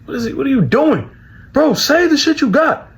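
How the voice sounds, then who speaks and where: A man putting on the voice of his angry brother, yelling demands. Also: very high voice, very animated, normal speed, slight background noise, voice pushed up, exaggerated voice. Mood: furious. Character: angry shouting young man, older brother.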